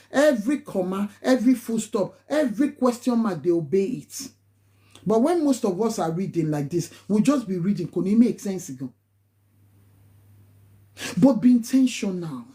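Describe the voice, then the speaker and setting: A woman's voice: medium pitch, warm tone. A Nigerian-accented woman, a nurse, giving casual live-stream advice in an emphatic, preachy way, repeating phrases for stress and slipping into pidgin. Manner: slips into pidgin and Yoruba phrases.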